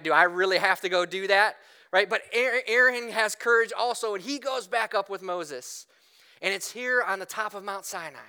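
A male pastor with a high, bright voice delivers a sermon in a church. His tone is clear and smooth, and his delivery is conversational, animated storytelling that keeps asking his listeners "right?".

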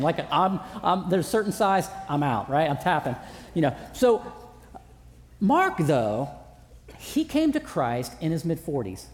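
A man's voice: on the high side, big pitch swings, a little slow. A man preaching a sermon as pastor in a large church auditorium, conversational with self-deprecating humor. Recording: long hall reverb.

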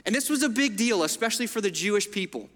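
A man's voice: high-pitched, lively intonation, quick pace, fairly bright tone, big-room sound. A man preaching a sermon as pastor, talking conversationally and asking the room for agreement.

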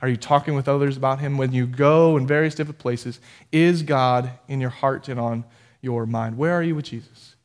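A man's voice: medium pitch, fairly even intonation, normal speed. A man preaching a sermon as pastor, talking conversationally with restarts and building to fired-up emphasis.

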